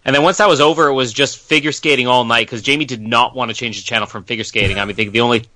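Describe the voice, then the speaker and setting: A man's voice: mid-range voice, steady tone, rapid-fire, sharp tone, dry recording. A man co-hosting a sports podcast, telling chatty stories and laughing often. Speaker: podcast co-host. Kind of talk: casual sports chat.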